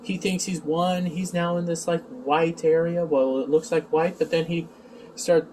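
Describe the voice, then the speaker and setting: A man's voice: on the high side, steady tone, measured pace, darkish tone. A man reviewing a TV episode in a rambling, sarcastic casual recap, recorded on a distant mic with faint background noise.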